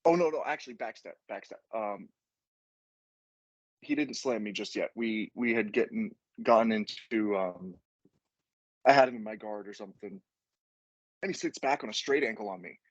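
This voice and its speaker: A man's voice: on the low side, normal speed, long pauses, dry recording, muffled recording. A man, a podcast guest, telling a rambling, profane story in casual chat and laughing as he goes.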